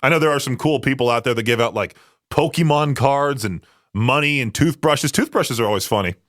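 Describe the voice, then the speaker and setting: A young man from Idaho talks casually as a radio DJ, rambling from one thought to the next and laughing often. His voice sits at an ordinary middle pitch, and the studio sound is dry and close. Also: brisk, fairly bright tone, no echo. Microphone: studio microphone.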